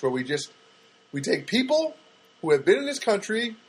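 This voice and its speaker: Man from the US, radio host, rambling monologue, stammering restarts, wry asides, husky voice. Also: a little high, sing-song, moderate pace, low-quality recording. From United States.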